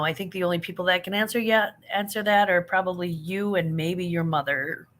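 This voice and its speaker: A woman's voice: fairly low pitch, steady tone, brisk, few pauses, fairly bright tone. A middle-aged woman hosting a casual live chat, answering viewers with laughs and affection while yawning and sleepy. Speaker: livestream host answering chat.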